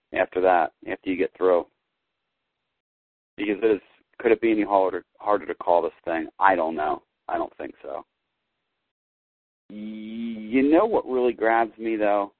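A man hosting a call-in sports talk show, ranting and swinging between low muttering and loud outbursts. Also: no room sound. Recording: tinny phone-line sound, dry.

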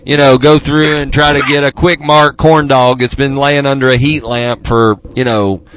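A man's voice: mid-range voice, flat delivery, normal speed, fairly bright tone. A man hosting a comedy radio bit, rambling and teasing with lots of fillers. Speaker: radio host.

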